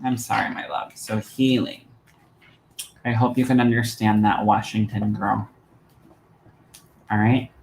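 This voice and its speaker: A man with a lowish, creaky voice speaks a little slowly, with long pauses, while reading cards for viewers on his psychic-medium livestream and affectionately calling them "my love" in an animated way. The rough recording sounds roomy, with a little hiss or hum.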